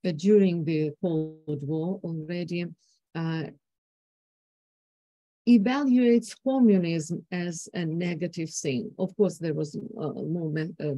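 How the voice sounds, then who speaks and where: A woman's voice: sits low, warm tone, dry recording. Woman giving a hesitant conference talk. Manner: hesitant, many fillers and restarts. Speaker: conference speaker. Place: conference hall.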